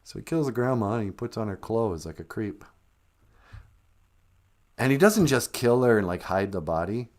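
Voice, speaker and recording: Host, male, wry comic storyteller, low voice with a lively range. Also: moderate pace, long pauses. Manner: wry, sarcastic. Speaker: live stream host. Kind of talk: comedic storytelling.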